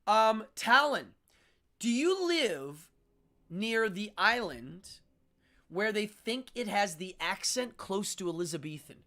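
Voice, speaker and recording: Middle-aged male livestream host, lively sing-song delivery, rambling and chatty, talks straight to his viewers. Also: high-pitched, takes it slowly. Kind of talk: casual livestream chat with viewers.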